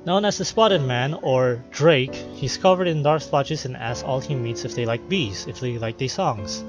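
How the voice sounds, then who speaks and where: A man's voice: medium pitch, moderate pace, dull audio, over music. Chatty man reading a game aloud. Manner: chatty, loose, lots of fillers. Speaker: let's player. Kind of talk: casual game commentary, reading text aloud.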